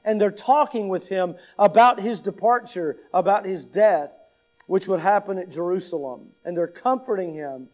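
A man with a high voice preaches a sermon. He is emphatic, repeats his key lines and puts questions to the congregation. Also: normal speed, darkish tone, lo-fi sound. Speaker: pastor.

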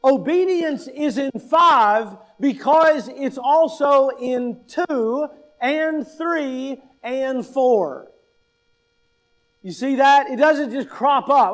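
High-voiced, slow, emphatic male preacher. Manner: emphatic, asks the congregation rhetorical questions; deliberate, stresses key words. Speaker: pastor. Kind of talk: sermon.

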